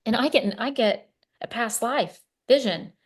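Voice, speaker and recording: A middle-aged woman, a spiritual coach, chatting casually as a podcast guest and telling animated stories with many restarts. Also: fairly high pitch, measured pace, husky. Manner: animated storyteller, repeats and restarts words. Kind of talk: casual conversation.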